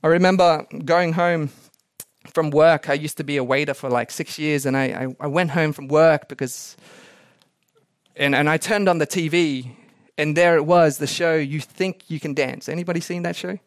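High-voiced pastor telling lively stories. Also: male voice, moderate pace, no echo, clean studio sound. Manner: animated storytelling, chuckling asides. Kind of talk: sermon. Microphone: podcast recording.

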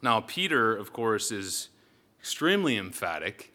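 A man's voice: lowish voice, moderate pace, bright, forceful tone. A man preaching a sermon as pastor, earnest and reflective, often restarting his sentences.

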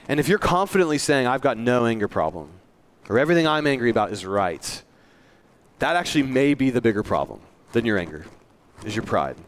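A man's voice: mid-range voice, animated, a little fast. A male pastor giving a sermon in a church, earnest and conversational, with self-deprecating asides.

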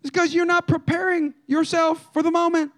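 A man preaching a sermon as pastor, in a lively, conversational style that acts out quotes from people. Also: extremely high pitch, moderate pace.

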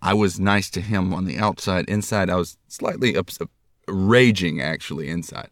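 A man's voice: deep voice, moderate pace, no room sound, studio quality. A man hosting a podcast, telling rambling, self-deprecating stories in casual chat. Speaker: podcast host.

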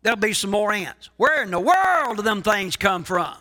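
Emphatic pastor preaching with a high, bright voice. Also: male voice, big pitch swings. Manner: emphatic preaching with rhetorical questions and pauses. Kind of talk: sermon.

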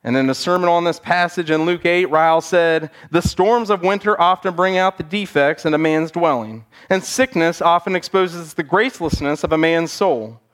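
Pastor, male, higher register, earnest sermon delivery, animated storyteller. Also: normal speed, few pauses. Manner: earnest, acts out quotes animatedly. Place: church sanctuary.

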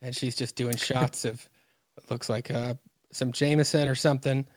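A man's voice: mid-range voice, level tone, normal speed, no room sound. A man, a podcast guest, casually recapping a comic book and acting out the characters' lines as he goes.

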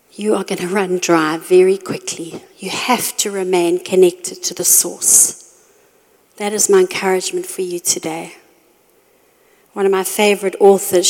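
Woman preaching in a hall. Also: lowish voice. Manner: storytelling, animated when reenacting her own reactions. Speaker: women's ministry speaker. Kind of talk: sermon. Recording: long reverb of a hall.

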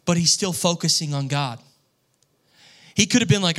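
A man's voice: high voice, moderate pace, long pauses. Young male preacher telling a story. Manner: storytelling, grows excited and loud when acting out scenes. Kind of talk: sermon.

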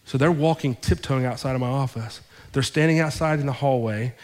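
A man's voice: medium pitch, fairly quick, in a large hall. A male pastor telling a story in a sermon, acting out the dialogue as he goes. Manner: animated retelling with quoted dialogue. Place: church sanctuary.

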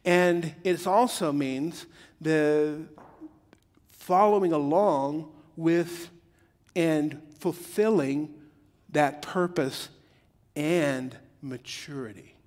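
A middle-aged pastor with a slightly high, somewhat mellow voice preaches extremely slowly in a big-sounding room. His sermon is joking and conversational, building toward emphatic peaks.

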